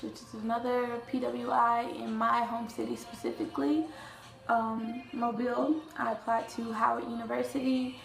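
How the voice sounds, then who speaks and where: Chatty young woman vlogging, gravelly edge. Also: fairly high pitch, roomy sound, low-quality recording. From Alabama, US Southern. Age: young adult. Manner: chatty and playful, with many fillers and quick asides. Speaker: vlogger, college freshman. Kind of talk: casual talking-to-camera vlog.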